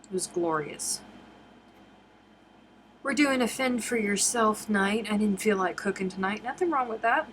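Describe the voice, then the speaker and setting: A chatty woman hosts a casual live stream from home and answers her viewers' comments one by one. Her pitch sits in the middle range. Faint noise hums behind her voice. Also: expressive, measured pace, pauses often, a bit bright. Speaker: crochet live-stream host.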